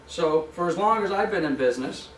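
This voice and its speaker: A man on the high side talks fairly quickly as he runs a live real estate class in an office training room. He acts out short scenes with sellers and clients in shifting, animated voices, and the recording is echoey and distant with slight hiss or hum.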